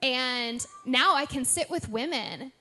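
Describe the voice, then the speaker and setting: A woman's voice: high voice, takes it slowly. Earnest woman sharing a faith testimony. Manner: earnest, reflective, soft-spoken with nervous laughs. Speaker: podcast co-host sharing testimony. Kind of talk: candid faith testimony chat.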